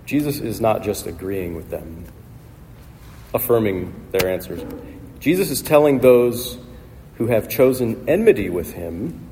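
In a church hall, a male pastor with a warm, medium-pitched voice preaches a sermon full of emphatic, repetitive rhetorical phrasing. The recording carries long hall reverb and faint noise.

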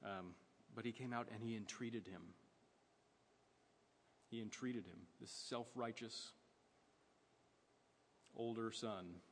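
A man's voice: lowish voice, slow pace, pauses often, big-room sound, a little hiss or hum. A man preaching a sermon in a conversational way, asking his listeners questions.

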